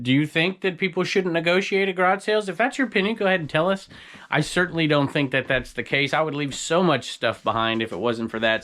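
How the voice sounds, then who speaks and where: A man's voice: fairly high pitch, fairly bright tone. A man reselling secondhand goods, talking casually to camera in an opinionated, rambling way. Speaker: reseller vlogger.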